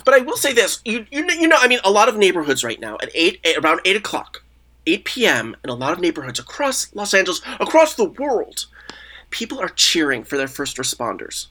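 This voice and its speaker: A man's voice: sits high, big pitch swings, quick pace, pushed and bright. A man as a comedic podcast guest in an improvised interview, rambling, stammering and justifying himself.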